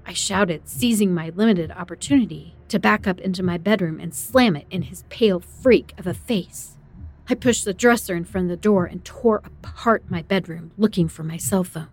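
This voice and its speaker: A woman's voice: on the low side, moderate pace, a little mellow. A woman narrating a first-person horror story in a dramatic, tense storytelling manner.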